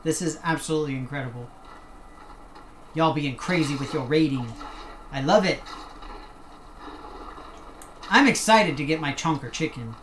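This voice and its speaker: A man's voice: on the high side, normal speed, pauses often, fairly bright tone, slight background noise. A man streaming a video game, chatting casually and thanking viewers with rambling asides. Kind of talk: casual live game commentary.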